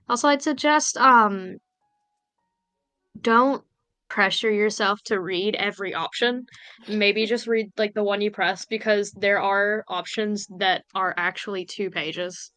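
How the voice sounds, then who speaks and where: A woman's voice: medium pitch, measured pace, bright, forceful tone, clean tone, dry recording, faint music behind. Offhand woman giving game tips. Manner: offhand, dryly teasing helper. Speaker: friend on a voice call.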